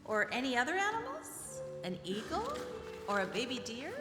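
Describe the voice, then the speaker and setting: A woman narrates a nativity pageant for children, her voice rising and falling widely and sitting a little high. She tells the story and guides the children in a long, ringing church hall, with clear music underneath. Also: normal speed. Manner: animated, directing children warmly. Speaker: religious education leader narrating a pageant. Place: church sanctuary.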